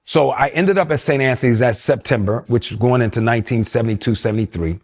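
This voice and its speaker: Older man, animated storyteller. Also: mid-range voice, fast talker. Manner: animated storyteller who acts out quoted voices. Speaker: interview guest. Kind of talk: storytelling interview.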